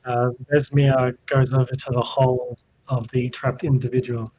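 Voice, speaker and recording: A man playing a tabletop game who describes his moves slowly, with many pauses. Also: mid-range voice, little pitch movement, darkish tone, low-quality recording. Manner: slow, hesitant with fillers. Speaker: player.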